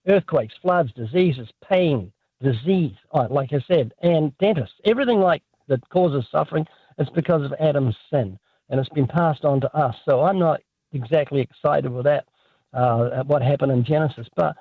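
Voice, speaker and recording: A man with a New Zealand accent, a guest author telling lively, joking stories in a radio interview over the phone. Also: fairly high pitch, normal speed, slightly rough, no room sound. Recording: tinny phone line.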